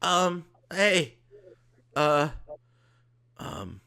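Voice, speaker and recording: A tiny, timid goblinoid fellow, as a man puts him on for a tabletop game, his voice pitched well up. He stammers and halts through his words. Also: sing-song, pushed and bright, clear, resonant tone, full character voice. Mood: nervous. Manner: hesitant, halting with ums. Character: small timid male goblinoid helper.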